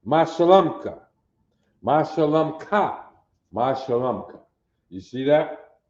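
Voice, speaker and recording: A language teacher with a Detroit African American Vernacular English accent runs a Hebrew phrase class, speaking slowly with slangy, street-style repetition and call-and-response questions to check his students follow. His voice is on the high side and darkish, with lively intonation. The room is echoey and the sound dull and lo-fi.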